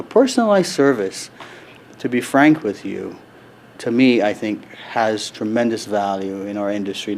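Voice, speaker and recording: A middle-aged man with a fairly low voice, talking in an earnest, measured way and often restarting his sentences. Faint background noise sits under his voice. He sounds like an executive answering questions in a casual interview. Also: darkish tone. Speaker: resort executive, interview guest. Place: convention floor.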